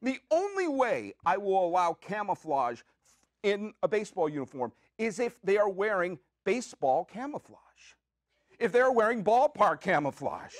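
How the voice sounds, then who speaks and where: Excitable high-voiced man hosting a podcast. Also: dry recording, studio quality. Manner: excitable, jokey, rambling with quick asides. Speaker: podcast host. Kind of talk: comic solo podcast monologue. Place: community media studio.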